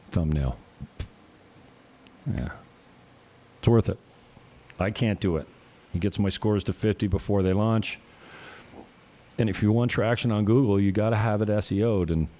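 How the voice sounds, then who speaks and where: A man's voice: low voice, warm tone. A man in his fifties, a realtor hosting his own channel, chatting casually in a rambling, profane way and chuckling often. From Canada. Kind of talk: casual rambling vlog chat.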